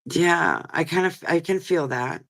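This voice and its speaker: Reading comments on a casual livestream, the host speaks in a low-sitting, fairly bright voice at an unhurried pace. She has been crying, so her nose is stuffy, and her talk is earnest, emotional and rambling.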